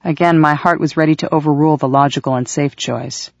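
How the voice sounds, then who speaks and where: A woman's voice: sits low, fairly even intonation, fairly quick, creaky, no room sound, dull audio. Woman narrating a novel, dry close sound. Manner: vivid, lingering on sensations. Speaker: audiobook narrator. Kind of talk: first-person novel narration.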